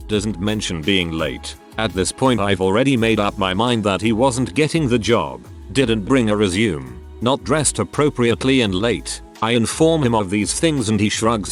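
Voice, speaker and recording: A man narrating online stories in a wry, expressive scripted read. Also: lowish voice. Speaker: story narrator.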